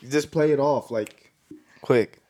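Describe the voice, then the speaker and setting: A man's voice: medium pitch, measured pace, a loud crowd. Playful man guest with short jokes. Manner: playful, joking, short remarks. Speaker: podcast guest. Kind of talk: casual chat.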